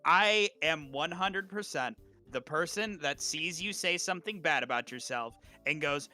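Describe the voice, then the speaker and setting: A man's voice: fairly high pitch, a little slow, faint music behind. A man co-hosting a casual podcast, giving an emphatic, profane pep talk. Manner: emphatic, swears freely, animated pep talk. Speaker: podcast co-host.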